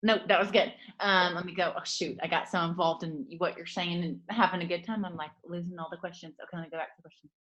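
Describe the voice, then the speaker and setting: A woman's voice: on the low side, fairly even intonation, fast talker, hardly any pauses, fairly bright tone, muffled recording. A woman hosting a casual chat on a video call, friendly and a little scattered. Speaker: host.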